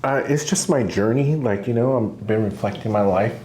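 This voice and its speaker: A man's voice: on the low side, normal speed, mellow, roomy sound, a little hiss or hum. A man in his forties, a patient, talking casually and reflectively with frequent laughs. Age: 40s. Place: treatment room.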